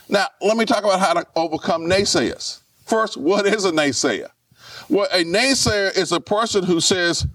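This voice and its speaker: Male pastor, high voice, repeats himself for emphasis, mic a little far off. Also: fairly bright tone, no echo. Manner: repetitive, rhetorical questions to the congregation. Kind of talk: live sermon. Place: church.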